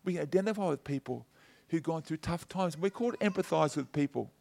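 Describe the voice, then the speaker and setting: Middle-aged man, high voice, casual pastor giving a story-driven sermon; chatty, keeps checking in with listeners. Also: lively intonation, fast, gravelly, a little mellow. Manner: chatty and personal, tags points with "okay?" and "you know". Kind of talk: conversational sermon.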